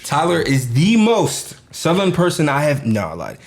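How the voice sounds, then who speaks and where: Speaking at a moderate pace, a young podcast co-host from Jamaica, Queens, New York, uses a highish voice with huge pitch swings and a New York accent. The chat among friends is casual, laugh-filled, and liberally profane.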